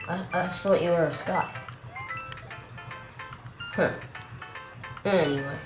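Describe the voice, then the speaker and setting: A woman's voice: fairly low pitch, slow pace, long pauses. A woman with a cough giving rambling, chatty commentary on a game walkthrough, exclaiming at the action. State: coughing and clearing throat. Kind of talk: casual gameplay commentary. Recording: roomy with game music behind.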